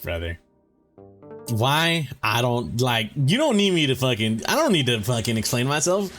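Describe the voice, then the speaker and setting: Exasperated young man ranting, lively pitch. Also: normal speed, faint music behind. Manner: exasperated, swearing, slangy, emphatic. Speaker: vlogger. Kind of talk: casual ranting monologue.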